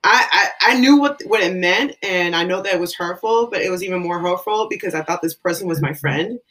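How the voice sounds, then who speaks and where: Co-host, woman, casual and animated, leans on fillers. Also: fairly low pitch, fairly quick. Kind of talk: casual conversation.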